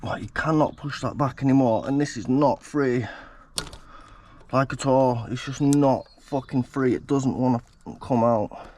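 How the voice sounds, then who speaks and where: A man's voice: mid-range voice, steady tone, measured pace, a little mellow, slight background noise. A man filming a car teardown, muttering and swearing in exasperation as he works on a stubborn part. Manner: exasperated, swearing, muttering to himself while working. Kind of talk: working commentary to camera.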